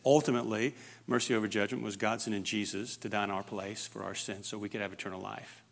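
A man preaching a sermon, emphatic and dynamic, swinging from loud, fervent stretches to hushed, quiet ones. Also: fairly low pitch, steady tone, fast, gravelly. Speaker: pastor.

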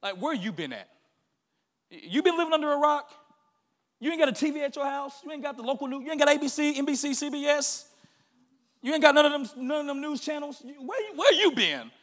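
A man voicing exasperated disciples, high and loud. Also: huge pitch swings, slightly rough, in a large hall, full character voice. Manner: loud, mocking, rapid-fire questions. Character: two exasperated male disciples, incredulous.

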